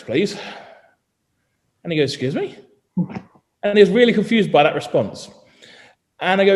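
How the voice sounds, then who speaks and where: Male co-host, raised pitch, lively anecdotal delivery, reverberant room. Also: fairly quick, pauses often. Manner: animated storytelling, mimics other people. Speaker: journalist and co-host. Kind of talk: casual podcast chat.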